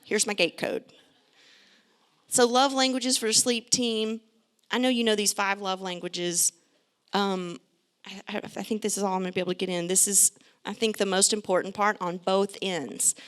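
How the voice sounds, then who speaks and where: A middle-aged woman, a pediatrician, giving a lively, joking and direct talk to parents. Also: medium pitch, normal speed, clean tone. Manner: chatty, direct, joking asides.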